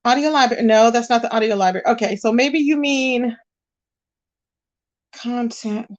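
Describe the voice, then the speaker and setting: A woman's voice: on the high side, moderate pace, dull audio. A woman hosting a casual livestream, greeting viewers and chatting while she searches her screen. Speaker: livestream host.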